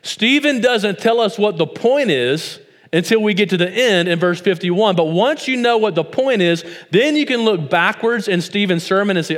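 A man's voice: high voice, expressive, normal speed, in a large hall. A man in his thirties with a West Tennessee accent, preaching a sermon with stories and rhetorical questions that build to emphatic points. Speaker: pastor.

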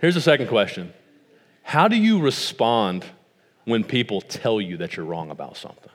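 West Tennessee pastor in a reverberant sanctuary. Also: male voice, on the low side, very animated, moderate pace. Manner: storytelling with rhetorical questions, rising to emphatic preaching. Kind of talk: sermon.

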